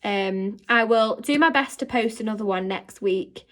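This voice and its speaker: A woman teacher reading a children's novel aloud to her pupils in an expressive storytelling manner. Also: mid-range voice, normal speed.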